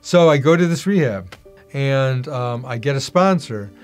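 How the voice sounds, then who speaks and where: A man's voice: mid-range voice, expressive, unhurried, soft background music. A middle-aged man giving a personal testimony, acting out the voices of people in his story. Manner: acts out quoted dialogue in other voices. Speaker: interviewee telling his testimony.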